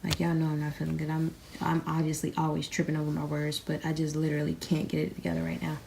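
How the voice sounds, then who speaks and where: A woman's voice: low-pitched, completely flat delivery, quick pace, creaky, a little mellow. A young woman chatting casually to her viewers from her bed, unwell and a bit out of breath, rambling and calling them y'all. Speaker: crystal vlogger. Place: in bed in a bedroom. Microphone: camera sitting on the bed beside her.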